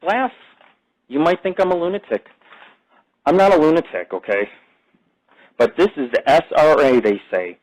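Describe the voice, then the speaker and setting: A man's voice: on the high side, expressive, moderate pace, pauses often, low-quality recording. A man hosting his own podcast, delivering a rambling, profane casual monologue that jumps between topics. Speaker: podcast host.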